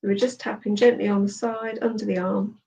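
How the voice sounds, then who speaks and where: A woman's voice: medium pitch, little pitch movement, gravelly, mellow, recorded from a distance, poor audio. Soothing woman guiding a tapping session. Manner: slow, soothing guided instruction. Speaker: therapist and coach.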